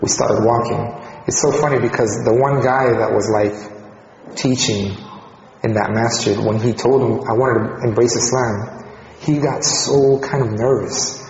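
A man's voice: mid-range voice, steady tone, a little slow, darkish tone, slight background noise. A man from Colombia telling his personal conversion story in a conversational way, often repeating words. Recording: echoey hall, dull lo-fi sound.

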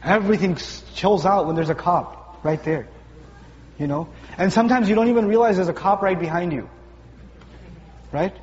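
A man with a fairly high voice preaches a lively, joking sermon, slipping into funny voices for everyday scenes. His voice rings with a long reverb through a large hall, the sound a bit dull, with faint room noise underneath. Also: moderate pace, long pauses. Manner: animated, acts out little scenes with funny voices, rising pitch when emphatic. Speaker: speaker at a Ramadan talk. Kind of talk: lively sermon to young audience.

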